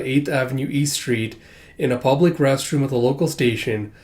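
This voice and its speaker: A man reads through a comic chapter in an offhand, conversational way. He often fills pauses with "uh" and "like" as he goes. His voice sits at an ordinary mid pitch. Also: a little mellow. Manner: loose and conversational, many fillers like "uh" and "like". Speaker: comic reader. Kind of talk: casual comic read-through.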